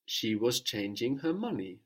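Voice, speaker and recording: A man teaching a spoken language lesson, patiently prompting his student and repeating each answer slowly. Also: medium pitch, big pitch swings.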